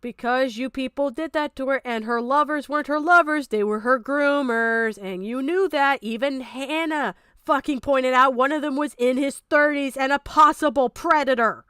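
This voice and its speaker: A young woman streamer rants angrily through a reaction stream, swearing freely and laughing between outbursts. Her voice is high, and the sound is dry and close. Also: normal speed, few pauses, a bit bright, clear, resonant tone, no echo. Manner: angry, profane ranting with bursts of laughter. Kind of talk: live stream reaction commentary.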